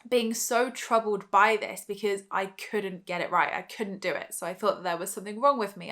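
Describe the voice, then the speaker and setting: Bright, emphatic woman teacher. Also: mid-range voice. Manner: earnest, emphatic, repeats phrases for stress. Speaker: law of attraction teacher. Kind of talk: direct-to-camera teaching talk.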